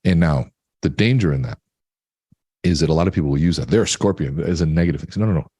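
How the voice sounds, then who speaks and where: A man on a podcast, chatting and telling stories with lively voices for the characters. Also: very deep voice, quick pace, breathy edge, dry recording, clean studio sound. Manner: animated storyteller, acts out characters. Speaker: podcast guest. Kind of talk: casual conversation.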